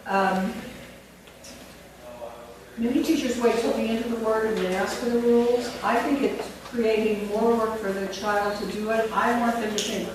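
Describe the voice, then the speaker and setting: A woman's voice: a little high, fairly even intonation, moderate pace. Woman teaching from far off, very echoey. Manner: instructive, dictating and quizzing the room. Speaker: teacher trainer. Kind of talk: teacher training workshop. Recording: very echoey room from far off, with noise.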